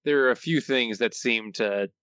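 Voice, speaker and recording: A man's voice: medium pitch, normal speed, fairly bright tone, clean tone, no echo, muffled recording. A man co-hosting a podcast, chipping in with dry, wry remarks. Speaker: podcast co-host. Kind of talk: casual chat.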